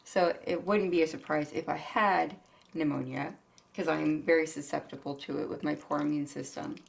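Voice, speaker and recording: Low, gravelly-voiced sick woman vlogger. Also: steady tone, normal speed. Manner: blunt, cussing, laughs often. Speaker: cooking vlogger. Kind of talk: casual chat while cooking.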